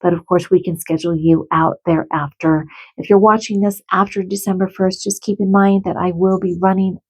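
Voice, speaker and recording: A middle-aged woman giving a gentle, heartfelt spiritual card reading as an animal communicator, speaking directly to her viewers. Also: fairly low pitch, flat delivery, moderate pace, breathy edge, poor audio.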